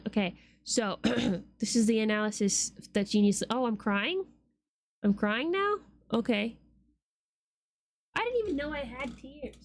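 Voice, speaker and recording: A woman's voice: fairly high pitch, expressive, a little slow, long pauses. A woman streamer chatting playfully with her viewers while she draws, swearing casually.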